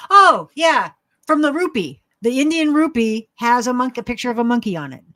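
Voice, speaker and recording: A woman's voice: on the high side, sing-song, normal speed, sharp tone, no room sound. Rambling, laughing Alabama woman. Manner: rambling, laughs often, swears casually. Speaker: livestream co-host. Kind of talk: casual chat.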